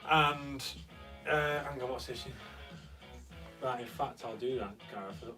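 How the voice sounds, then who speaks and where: A man's voice: medium pitch, slow. Chatty man hosting a live stream. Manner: chatty, reads out viewer comments and answers them. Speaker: host. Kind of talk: casual live-stream chat. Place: converted recording studio room. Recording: slightly distant mic with faint guitar music.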